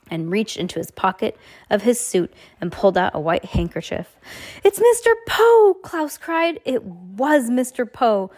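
A woman reading a novel aloud, brisk, with frequent slips and restarts. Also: medium pitch. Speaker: audiobook reader.

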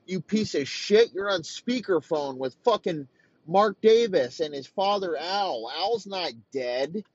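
A man's voice: mid-range voice, measured pace, no room sound, highs cut off, lightly acted. A man voicing a furious, foul-mouthed male football coach who berates and swears. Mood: enraged. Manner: profane, berating, escalating yelling.

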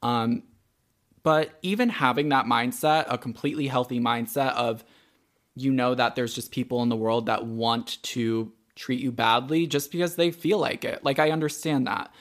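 A young man co-hosting a podcast, telling a story in casual chat, animated and swearing freely with lots of "like" fillers. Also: medium pitch, normal speed. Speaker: podcast co-host.

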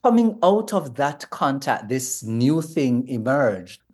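A man with a Jamaican accent, a linguistics lecturer being interviewed remotely, explaining in a measured way. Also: medium pitch, big pitch swings, a little mellow, husky.

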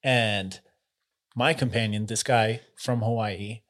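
A young man in casual chat, telling an animated story and breaking into high laughs. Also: slow pace.

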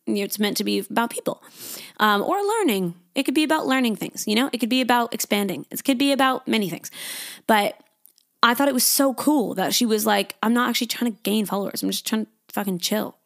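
A young woman hosts a casual solo podcast, speaking freely and swearing as she goes. She often voices her own inner thoughts aloud in a higher pitch.

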